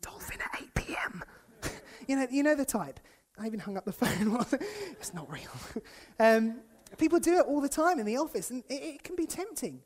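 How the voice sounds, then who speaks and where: A young man preaching a sermon in a church, in a lively, conversational way that acts out the people he quotes and chuckles often. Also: extremely high pitch, brisk. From United Kingdom.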